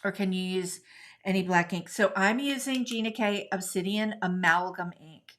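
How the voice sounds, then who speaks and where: As she works on her live craft tutorial, a middle-aged woman from the United States talks warmly to viewers while coloring. She speaks at normal speed in a mid-range, somewhat bright voice.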